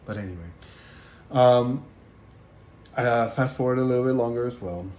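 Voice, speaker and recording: A man sharing a personal religious testimony in casual spoken storytelling, earnest and halting, with many fillers and repeated words. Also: mid-range voice, a little mellow. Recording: echoey room with faint background noise.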